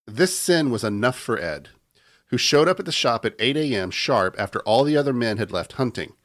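Man narrating a true-crime story brightly. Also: mid-range voice, moderate pace. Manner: reads the story aloud in an even narrating tone, breaking into laughter at the banter. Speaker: podcast host.

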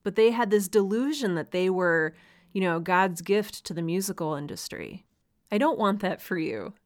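A woman's voice: on the low side, animated, normal speed. Earnest woman podcasting to writers. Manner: earnest, encouraging, laughs lightly now and then. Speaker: podcast host. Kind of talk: solo podcast talk to writers.

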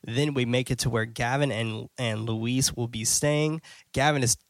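A man hosting a podcast, casually recapping a horror movie's plot with cursing, loose asides and quick impressions of characters. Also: medium pitch, steady tone, no echo, studio quality. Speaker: podcast host.

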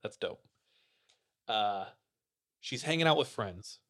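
A man hosting a podcast, casually retelling a listener's ghost story to his co-hosts in a relaxed, slangy way. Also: lowish voice, takes it slowly. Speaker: podcast host.

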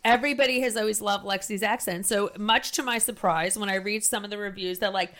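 A loud, gushing woman with a New Jersey accent hosts a casual podcast. She talks with big emphasis, doubling back and restarting her sentences as she goes. Her pitch sits in an ordinary middle range. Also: steady tone, fairly quick. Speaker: podcast host.

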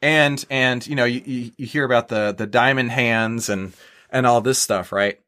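A man being interviewed as a guest on a podcast, explaining his approach in a relaxed conversational way, often restarting words and checking in with "right?". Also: medium pitch, moderate pace. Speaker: guest, stock trader.

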